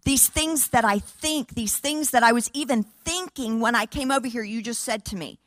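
A woman preacher telling a testimony to a church audience, animated, laughing and acting out dialogue. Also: fairly high pitch, moderate pace, dry recording. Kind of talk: sermon testimony storytelling.

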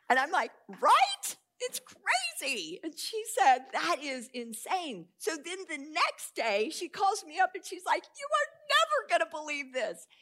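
A middle-aged woman, telling a lively testimony to an audience in a storytelling sermon style and acting out the quoted voices. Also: on the low side.

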